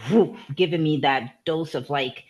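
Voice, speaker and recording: A woman's voice: deep voice, a little slow. A woman from Cape Verde chatting casually as a guest, playful and laughing often. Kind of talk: casual chat.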